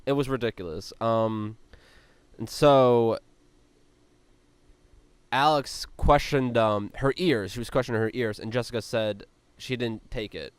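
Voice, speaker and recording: A man's voice: mid-range voice, fairly even intonation, a little slow, pauses often, clean tone, no room sound. A man hosting a podcast, recapping a reality show in a chatty way with lots of "like" and frequent swearing. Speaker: podcast host.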